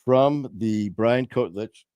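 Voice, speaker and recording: A man's voice: mid-range voice, takes it slowly, smooth, no room sound, lo-fi sound. A man co-hosting a livestream show, telling a story in casual chat and acting out quoted lines with a lifted voice. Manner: animated, acts out quotes in a raised voice.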